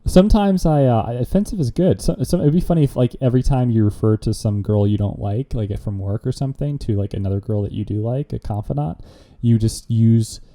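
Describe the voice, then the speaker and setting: A man hosts a loose, joking podcast chat. His voice is very dark and mellow. He rambles through his jokes, full of fillers and restarts. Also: medium pitch, brisk. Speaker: podcast host. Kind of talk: casual chat.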